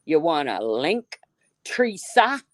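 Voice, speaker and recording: Low-voiced woman ranting profanely. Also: big pitch swings, slow pace, no echo, studio quality. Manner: profane, heated, calling out viewers by name. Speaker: livestream host. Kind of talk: ranting livestream commentary.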